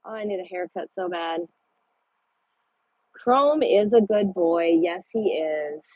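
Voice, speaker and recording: A woman's voice: on the low side, slow pace, no room sound. A woman truck driver chatting casually with viewers on a live stream from her parked truck at a rest area, swearing now and then. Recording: dull lo-fi sound.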